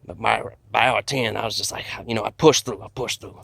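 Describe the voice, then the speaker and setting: A man's voice: on the low side, steady tone, a little fast, gravelly, fairly bright tone, no room sound. A man telling a rambling comic survival story in a folksy, drawling storytelling manner. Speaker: comedic bushman storyteller. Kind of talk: deadpan comedic monologue.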